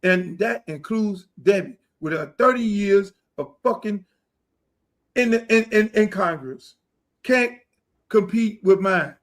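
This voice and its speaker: A middle-aged man hosting a podcast, ranting loudly and boastfully, with a lot of profanity. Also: sits high, lively intonation, slow pace. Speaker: podcast host. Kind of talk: heated casual talk.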